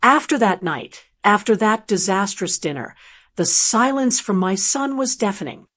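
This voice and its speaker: A woman narrating a first-person story in a steady, even reading voice. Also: mid-range voice, unhurried.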